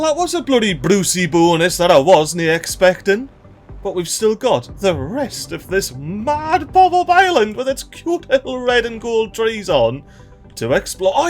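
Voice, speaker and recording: Male let's-play host, excitable and slangy, fairly high voice with a very lively swing. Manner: excitable, exclamatory, slangy, chuckling. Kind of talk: casual gameplay commentary.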